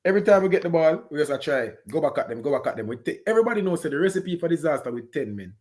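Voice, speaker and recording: A man with a Jamaican accent giving an animated, patois-heavy post-match reaction on a football game. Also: a little high, very fast. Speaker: football fan pundit.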